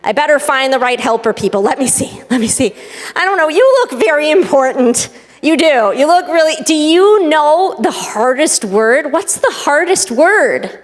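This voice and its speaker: A tiny fretful bird, put on by a woman, chattering in a high, fussing voice. She frets and exclaims breathlessly. The sound carries a long sanctuary reverb. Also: animated, normal speed. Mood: worried. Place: synagogue sanctuary.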